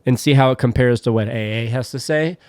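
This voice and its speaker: A man's voice: medium pitch, fast talker, a little mellow, no room sound. A man co-hosting a podcast in casual, joking chat, rambling with fillers into a close mic. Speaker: podcast co-host.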